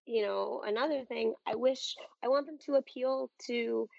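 A woman in her thirties, co-hosting a podcast, talking in a husky voice with earnest, rambling asides in casual chat. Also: a little high, moderate pace, darkish tone, no room sound. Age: 30s. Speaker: podcast co-host. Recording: dull, dry lo-fi podcast audio.

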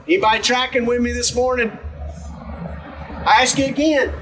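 A man with a strikingly high voice delivers a casual, animated sermon, acting out the story's characters as he goes. He sounds set back from the microphone, with a faint hum of room ambience behind him. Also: moderate pace, distant mic, low-quality recording. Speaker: pastor.

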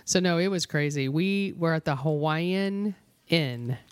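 A woman co-hosting a radio show, chatting casually on air and telling stories in an emphatic, animated way. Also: deep voice, a little slow, no echo.

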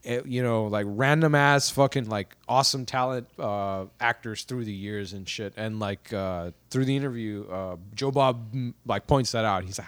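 A man's voice: fairly low pitch, moderate pace, hardly any pauses, fairly bright tone, no echo. A man chatting casually about a film he is watching, rambling with lots of fillers and constant swearing. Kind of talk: casual movie commentary.

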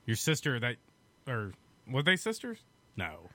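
A man's voice: mid-range voice, huge pitch swings, unhurried, sharp tone, no echo. A man with a Southern US accent, a podcast guest who jokes crudely and provocatively in casual chat. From southern United States.

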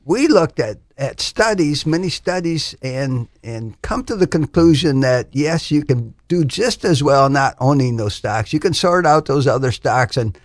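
A man's voice: on the high side, expressive, unhurried, hardly any pauses, no echo, studio quality. A man, a financial advisor on a radio show, who explains things plainly, with restarts and frequent chuckles. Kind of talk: casual radio chat.

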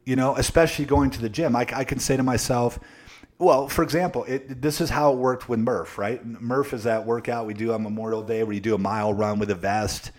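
A man speaks straight to his viewers in a motivational coaching talk. He hammers each point through repetition and keeps checking in with the audience. His pitch sits in the middle range for a man. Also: fairly even intonation, a little fast. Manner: emphatic and repetitive, with frequent tag questions; addresses viewers directly. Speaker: sales coach. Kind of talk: motivational live-stream talk.

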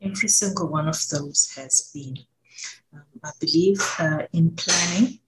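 A middle-aged woman, a law professor, giving thoughtful, measured answers in a radio interview and pausing to choose her words. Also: deep voice, low-quality recording.

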